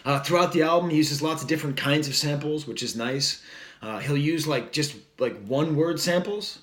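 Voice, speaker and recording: A man talks through an album review in a loose, enthusiastic ramble, full of "like" and "you know," with jokey asides along the way. His voice sits a little high for a man. The room around him is roomy and echoey. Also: normal speed, a bit bright. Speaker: music reviewer. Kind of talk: casual record review monologue.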